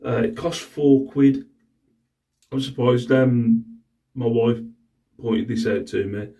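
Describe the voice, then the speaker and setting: A middle-aged man, a reseller vlogger, rambles casually to the camera about his day and his resale finds, sounding exasperated and swearing freely. His mid-range voice moves at a slow pace with a dark tone, picked up by a distant mic.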